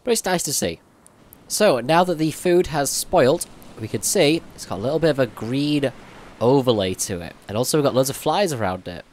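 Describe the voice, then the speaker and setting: A man's voice: mid-range voice, lively intonation, moderate pace, darkish tone. A man giving casual gameplay commentary on a survival game update, thinking aloud as he plays. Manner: chatty, thinking aloud while playing. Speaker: gaming YouTuber.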